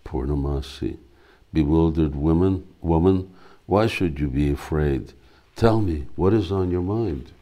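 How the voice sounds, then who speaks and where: Stern elderly noble lady, read by a man, emphatic and scolding, very low and slow. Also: dark tone.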